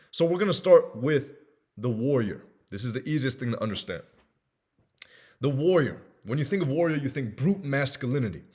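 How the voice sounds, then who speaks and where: A man with a husky, slightly breathy voice talks through an idea in a casual monologue. He is earnest, rising into emphatic bursts and dropping into hushed asides. His pitch sits in an ordinary middle range for a man. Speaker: self-help speaker.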